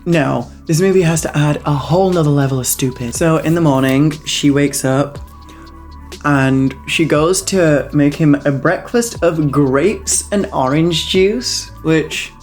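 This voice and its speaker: A woman's voice: low voice, unhurried, a little mellow, faint music behind. A young woman giving a casual, sarcastic movie review vlog, mocking and swearing freely. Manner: snarky, mocking, peppered with swearing and "like".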